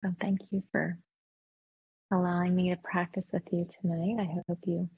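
A woman yoga and mindfulness instructor leading a guided meditation in a soft, slow, soothing voice. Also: fairly low pitch, flat delivery, breathy edge, phone-quality sound.

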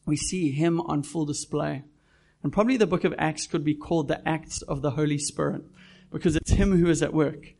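Male pastor, earnest sermon delivery, gravelly tone. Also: fairly high pitch, a little mellow. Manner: earnest, direct questions to the congregation. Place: church.

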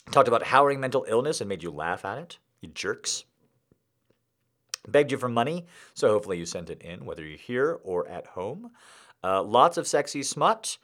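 A man hosting a live comedy show, reading a story aloud and signing off in an animated, rambling, self-deprecating way. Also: on the low side, moderate pace. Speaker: host.

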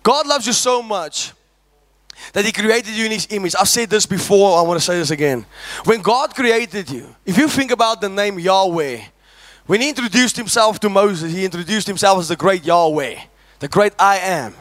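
Man preaching, very high voice, bright and forceful, dry sound, shouting sermon. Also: lively intonation, moderate pace, dry recording. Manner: shouting, call-and-response preaching.

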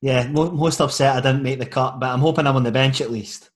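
A Scottish man hosting a casual podcast, asking questions and sharing memories in a relaxed, chatty way. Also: medium pitch, brisk. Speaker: podcast host.

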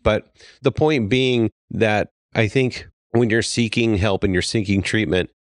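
A man's voice: lowish voice, fairly even intonation, a little slow, dry recording, clean studio sound. A man co-hosting a podcast in casual talk, speaking earnestly and getting worked up before apologizing for it. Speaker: podcast co-host.

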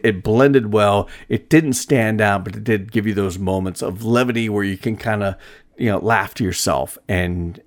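Middle-aged male film reviewer, lowish voice, casual, rambling, frequent restarts. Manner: rambling, many restarts and chuckles. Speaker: film reviewer, shop host.

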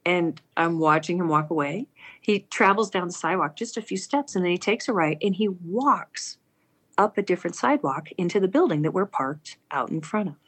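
A woman's voice: lowish voice, moderate pace, slightly rough. A woman earnestly telling a personal story aloud, acting out the people she quotes. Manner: earnest, animated, acts out quoted speech.

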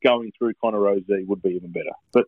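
An Australian man co-hosting a podcast over a video call, talking in a relaxed way and chuckling often. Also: fairly low pitch, fast, no echo, phone-quality sound. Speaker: podcast co-host. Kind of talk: casual chat.

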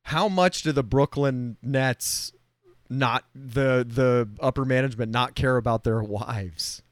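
A man's voice: mid-range voice, slow, no echo. A man co-hosting a podcast, joking in casual chat. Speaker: podcast co-host.

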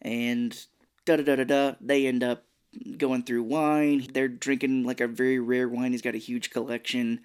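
A man of middle pitch talks through a movie plot in a relaxed, conversational way. He tells it like a story to a friend and drops into brief mocking impressions of the characters along the way. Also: clear, resonant tone. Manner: easygoing storyteller who slips into quick mocking voices of the characters. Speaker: podcast co-host. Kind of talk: casual chat recapping a film.

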